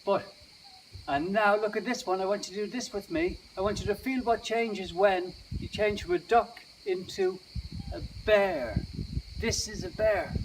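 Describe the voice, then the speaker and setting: A man teaching yoga and meditation to children, guiding them gently and playfully. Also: high voice. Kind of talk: guided kids' yoga and meditation. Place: outdoors. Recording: distant mic, outdoor noise.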